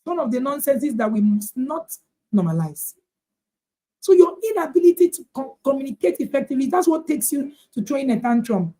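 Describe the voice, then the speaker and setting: A woman's voice: high-pitched, big pitch swings, fairly quick, mellow. A woman parenting coach giving a motivational talk to parents, emphatic, repeating her points and asking rhetorical questions.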